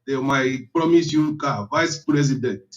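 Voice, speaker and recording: A man's voice: mid-range voice, unhurried. A man with a Nigerian Igbo accent, calling in and speaking with passion, mixing Igbo and English. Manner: impassioned, repetitive. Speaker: caller. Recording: muffled phone-in audio.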